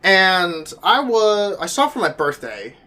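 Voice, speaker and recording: A young man talking casually to camera, animated and jokey, with quick shifts in pitch. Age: young adult. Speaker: vlogger.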